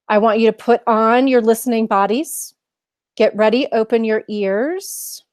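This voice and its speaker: A woman's voice: fairly high pitch, no echo. Woman teacher, mindfulness lesson for kids, encouraging, many questions, dry close sound. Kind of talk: live online lesson for children.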